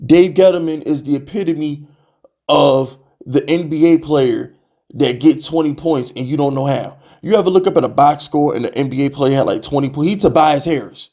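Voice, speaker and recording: A man's voice: on the high side, normal speed. Fired-up man ranting about his team. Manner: animated, exasperated, repeats "bro" and rhetorical questions. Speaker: sports fan channel host. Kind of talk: heated fan rant to camera.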